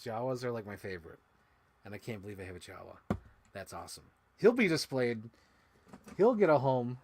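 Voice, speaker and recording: A young man vlogging to camera, chatting excitedly about his childhood toys, swinging from loud squeals to quiet mumbles and swearing casually. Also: mid-range voice. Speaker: toy unboxing vlogger.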